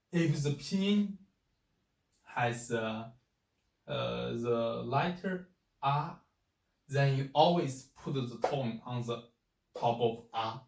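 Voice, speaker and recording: A man teaching a pinyin lesson, halting and repeating words as he demonstrates sounds aloud. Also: medium pitch, creaky, darkish tone, far from the mic. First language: Chinese. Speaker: Chinese language teacher. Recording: echoey room, mic set back.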